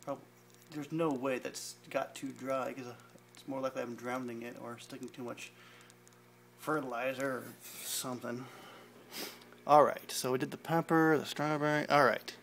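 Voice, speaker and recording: A man's voice: medium pitch, steady tone, moderate pace, creaky, fairly bright tone, a little hiss or hum. A man giving a casual, rambling tour of his indoor garage garden, filmed on a handheld phone, with self-deprecating asides and many fillers. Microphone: phone camera held while walking.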